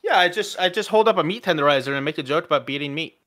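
Man, casual podcast chat, jokey, bright tone, lively pitch. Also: very fast. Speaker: streamer, podcast co-host. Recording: voice-chat mic, occasional cutouts.

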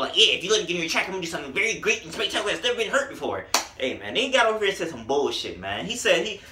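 A man's voice: on the high side, pushed and bright, reverberant. A man giving a casual, profane and joking music review.

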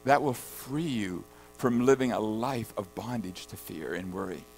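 A man preaching a sermon and reading scripture aloud, rising to loud emphatic bursts and then dropping low and soft. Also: unhurried, gravelly, faint music behind, poor audio. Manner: reads scripture verses aloud. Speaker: pastor.

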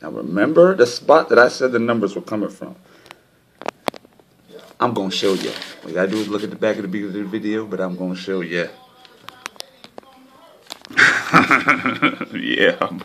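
Man, very low voice, gravelly, casual vlog, animated and frustrated, faint background hiss. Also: a little fast. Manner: excited and frustrated, pointing at a chart. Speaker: lottery system vlogger. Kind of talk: casual talk to camera.

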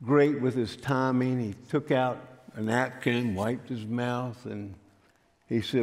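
An older man, telling a story in a sermon in a folksy, unhurried way. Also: medium pitch, steady tone, darkish tone. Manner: folksy, unhurried, frequent fillers. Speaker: pastor. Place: church sanctuary. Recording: church hall with long reverb.

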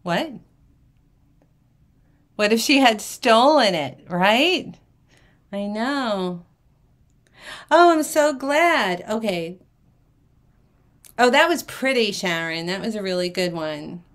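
A woman hosting a live jewelry shopping auction, chatting away and acting out the people in her stories, then dropping quietly to herself while she handles items. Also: mid-range voice, slow pace, long pauses. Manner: chatty, acts out quoted people in a lively way.

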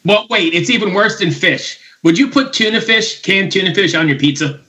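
A man hosting a podcast over a call, easygoing and quick to laugh as he greets a guest. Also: high-pitched, lively intonation, pushed and bright, muffled recording. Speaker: podcast host. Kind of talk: casual chat.

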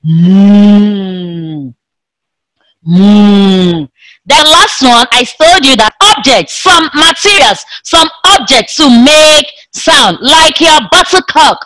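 A woman teaching an online science class to young pupils in a slow, sing-song way, imitating the sounds of animals and objects. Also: high-pitched, animated, sharp tone, no room sound, low-quality recording. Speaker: primary school teacher.

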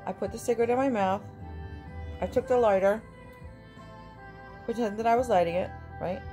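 A woman's voice: on the high side, moderate pace, warm tone, soft background music. A woman vlogger talking casually and encouragingly to her viewers, chatty and often repeating herself. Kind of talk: casual personal vlog talk.

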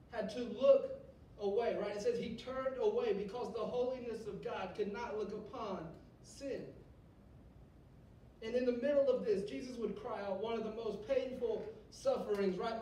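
A man preaching a sermon to a student group in a conversational way, often tagging "right?" onto his points. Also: warm tone. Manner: conversational, rhetorical "right?" asides. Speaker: youth pastor. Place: church hall. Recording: echoey hall, mic from a distance, faint rumble.

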